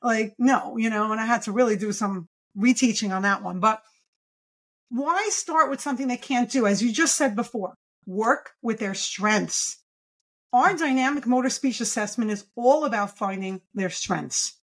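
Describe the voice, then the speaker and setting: Her voice is fairly high and fairly bright, at normal speed, as this pediatric speech-language pathologist is interviewed on a podcast. She talks with enthusiasm and emphasis, using rhetorical questions to explain.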